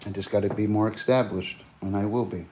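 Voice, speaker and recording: A man's voice: on the low side, steady tone, a little fast, dark tone, slight background noise. A man livestreaming in a casual, boastful, preachy way, quoting scripture at length.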